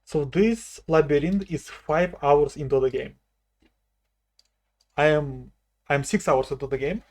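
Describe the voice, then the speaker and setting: A man's voice: fairly high pitch, measured pace, a little mellow. A man streaming a video game, chatting casually and talking to himself as he plays. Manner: rambling, self-talk with restarts. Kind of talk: casual live-stream chat.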